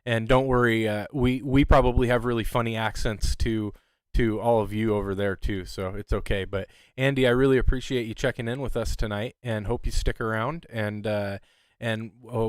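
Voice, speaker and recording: A man hosting an amateur radio net in easygoing casual chat, chuckling often and filling pauses with ums and uhs. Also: lowish voice, clear, resonant tone, dry recording.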